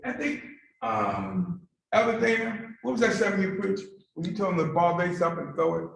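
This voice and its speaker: A man's voice: high-pitched, fairly even intonation, moderate pace, vocal fry. A male pastor preaching a call-and-response sermon, coaxing the congregation to repeat his words after him. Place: church sanctuary. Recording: very echoey church hall from far off.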